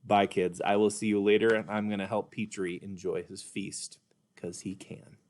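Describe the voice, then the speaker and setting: Man, puppet lesson for kids, gentle, patient, encouraging. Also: on the low side, flat delivery, normal speed, slight background noise. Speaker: puppeteer and teacher.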